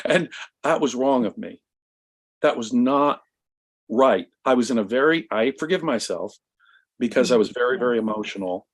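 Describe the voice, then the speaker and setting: A man in a casual discussion, telling a story in an emphatic, animated way. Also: medium pitch, moderate pace. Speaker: guest commentator.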